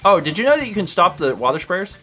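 A man streaming a co-op game, chatting casually with excitable, joking bursts. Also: high voice, fast, faint music behind. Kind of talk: casual co-op gameplay chat.

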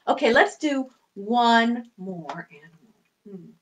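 A woman librarian leading a children's storytime, singing, counting and making animal sounds in an animated sing-song way. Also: a little high, unhurried. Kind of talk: children's storytime lesson with songs. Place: home or library room, recorded for video.

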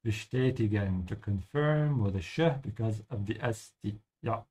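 A man hosting a live-streamed lesson, explaining German pronunciation slowly and switching between English and German. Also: on the low side, dark tone, breathy edge. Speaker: language teacher and stream host.

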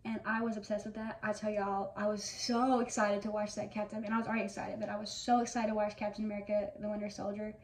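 A woman's voice: medium pitch, little pitch movement, fast talker, hardly any pauses. A woman of about twenty telling fan memories in a casual, gushing way, full of fillers. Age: around 20. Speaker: vlogger. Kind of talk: casual reminiscing monologue. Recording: echoey room, mic at a distance, faint noise.

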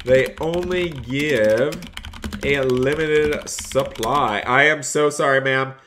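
A man's voice: mid-range voice, takes it slowly, fairly bright tone, slight background noise. A man plays a cheerful phone store clerk in a live-streamed game role-play, rattling off repetitive sales patter. He breaks off to thank and address his chat, and faint keyboard typing sits in the background. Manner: upbeat salesman patter, repeats phrases; reads and thanks chat between lines.

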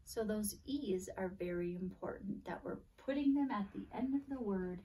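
A woman teacher giving a video phonics and grammar lesson at a board, sounding out letters slowly and clearly. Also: medium pitch, dark tone, distant mic. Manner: slow, deliberate sounding-out of letters.

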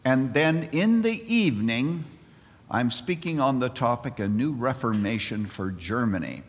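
A man in his seventies delivers a sermon to a conference crowd, his pitch rising and falling in wide, lively arcs. He tells stories with easy comic timing before he turns serious. His voice rings out with the long reverb of a large hall. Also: measured pace. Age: 70s. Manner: animated storyteller with comic timing. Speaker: conference speaker. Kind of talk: sermon with jokes.

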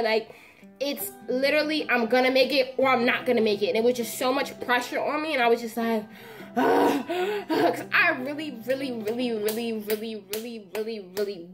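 A young woman recounts a story in a casual vlog. Her voice sits a little high, and she tells it with lively drama and slangy asides. Soft music plays faintly behind her. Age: young adult. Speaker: vlogger.

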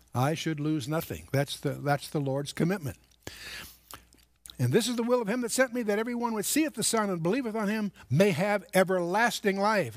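Male preacher, high-pitched, animated and emphatic, dry close recording. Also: dry recording. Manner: animated, emphatic, reads scripture aloud. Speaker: Bible teacher. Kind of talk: sermon, Bible teaching.

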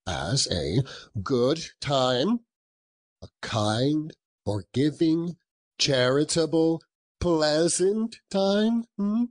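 Storybook figure, a man doing a hopeful young man, earnest, pleading, lively pitch, slow. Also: slightly rough, full character voice. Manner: earnest, pleading, with soft laughs. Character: cheerful young man, earnest and warm-hearted nephew. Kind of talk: audiobook character voice.

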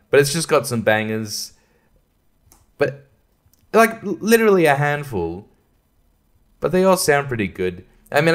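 A man hosting a casual solo podcast, rambling and swearing freely, often breaking into laughter. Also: medium pitch. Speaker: podcast host.

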